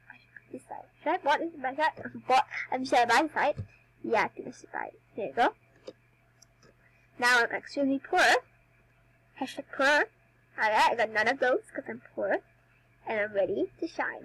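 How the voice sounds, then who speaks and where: Young girl gamer rambling and giggling at herself, high voice, bit husky, kinda sick. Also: a bit bright, low-quality recording. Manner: chatty, giggly, self-mocking. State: slightly sick, coughing. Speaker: gaming YouTuber. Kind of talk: casual game commentary.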